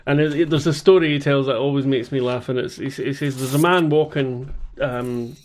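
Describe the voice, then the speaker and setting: Rambling English podcast host telling a story. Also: male voice, mid-range voice, steady tone, normal speed. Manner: rambling, many restarts, swears casually. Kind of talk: casual chat, retelling a story.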